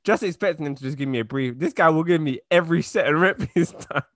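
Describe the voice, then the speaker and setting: A young man, co-hosting a podcast in relaxed, joking chat and steering the conversation. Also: fairly high pitch, quick pace, dry recording, studio quality. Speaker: podcast co-host. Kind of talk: casual chat.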